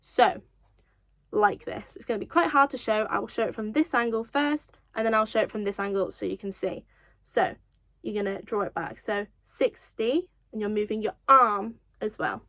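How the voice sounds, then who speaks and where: A young woman teaching children sign language, counting slowly and encouraging them with light self-deprecating laughs. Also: mid-range voice, fairly bright tone, dry recording. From United Kingdom. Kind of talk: children's lesson, slow counting.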